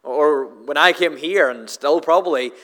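A man's voice: a little high, unhurried, fairly bright tone. A man with a Northern Irish accent delivers a sermon in a slightly raised voice, and a long hall reverb trails every phrase. He often repeats words as he starts a sentence and gives the quoted lines a little acting. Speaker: preacher.

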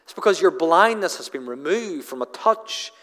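A man's voice: fairly high pitch, lively intonation, normal speed, fairly bright tone. A man preaching an expository sermon in an earnest manner, often repeating words as he drives home a point. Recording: long hall reverb.

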